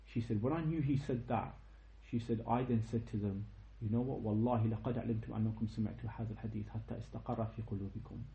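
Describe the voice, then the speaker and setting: A young man giving an informal religious lecture, telling a story with lively asides and checking questions to his listeners. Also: fairly low pitch, fast, vocal fry, hardly any pauses, reverberant, lo-fi sound. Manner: animated storytelling, tag questions, quotes in Arabic. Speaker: teacher of a history lesson.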